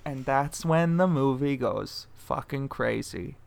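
A man's voice: mid-range voice, lively intonation, slow, creaky. A young man co-hosting a comedy podcast, casually and jokingly retelling a movie plot and laughing often. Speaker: podcast co-host.

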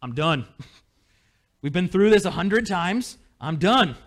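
A man playing an angry, fed-up God who speaks in blunt, casual everyday words, somewhat lower than his own voice. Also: expressive, slow pace, exaggerated voice. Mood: exasperated.

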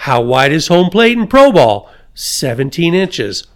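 A man's voice: fairly high pitch, big pitch swings, measured pace. A man hosting a podcast, reading a story aloud with his own asides and chuckles. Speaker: podcast host.

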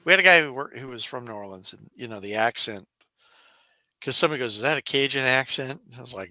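Man, podcast co-host, joking quips, very bright tone, lively pitch. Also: no echo. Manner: joking, quick quips and silly voices. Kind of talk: casual chat.

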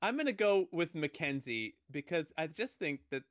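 Bright-voiced, laughing man. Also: fairly high pitch, very animated, normal speed, no room sound, studio quality. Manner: laughing, rambling, playful sound effects. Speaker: podcast host. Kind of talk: casual chat.

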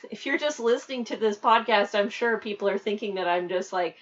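A woman's voice: mid-range voice, fairly quick, lo-fi sound. A woman hosting a podcast, enthusiastic and gushing as she interviews her guest. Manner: gushing, enthusiastic, laughs often. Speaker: podcast host. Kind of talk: casual interview chat.

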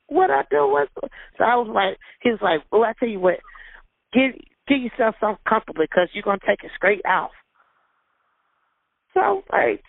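A woman's voice: fairly low pitch, no echo. A woman recounting a personal ordeal in an interview, emotional, repeating herself and acting out the dialogue. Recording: tinny phone-like sound, dry.

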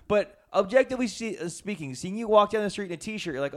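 A man's voice: sits high, animated, quick pace, few pauses. Swearing, rambling man ranting. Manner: rambling, profane ranting storyteller. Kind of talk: casual chat.

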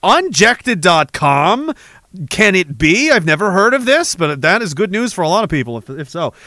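A man's voice: high voice, very animated, brisk, bright, forceful tone, no room sound. A man hosting a livestream, reading chat messages aloud in a rambling, profane, sarcastic way.

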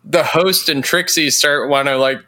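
A man's voice: on the high side, moderate pace, bright, forceful tone. A man in casual chat, chiming in with profane, laughing remarks about a movie. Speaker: podcast co-host.

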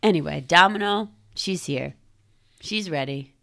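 Female co-host, teasing and playful, slightly low voice. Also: measured pace, gravelly, pushed and bright. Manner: playful, teasing, laughs often. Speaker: podcast co-host. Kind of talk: casual chat about comics.

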